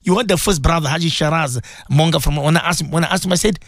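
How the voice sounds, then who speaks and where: A man's voice: on the high side, fast, fairly bright tone, no echo, clean studio sound. A man hosting a devotional radio show, pleading and impassioned, often repeating his words. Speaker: radio host and cleric. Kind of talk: emotional radio devotional talk.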